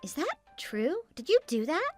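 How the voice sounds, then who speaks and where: A woman's voice: high voice, wildly swooping pitch, normal speed, soft background music. A synthetic female voice reading a worried wife who presses her husband with anxious questions in a text-message story.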